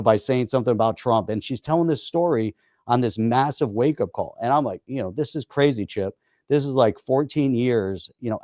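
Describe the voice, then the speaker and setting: A man's voice: medium pitch, warm tone. A man with a mid-range voice tells stories in a rambling podcast chat, full of fillers. The recording is dry, with no room echo. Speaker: podcast co-host. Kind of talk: casual political chat.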